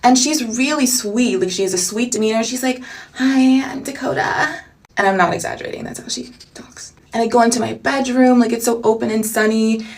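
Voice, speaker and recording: A young woman telling a personal story in a chatty storytime vlog, animated and full of asides. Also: a little high, fast talker, hardly any pauses, far from the mic.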